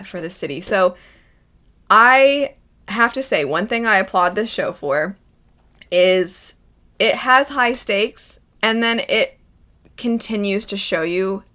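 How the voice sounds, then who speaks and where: A woman giving casual reaction commentary on a vlog, chatty and animated, slipping into character voices as she talks. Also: medium pitch. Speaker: anime reaction vlogger.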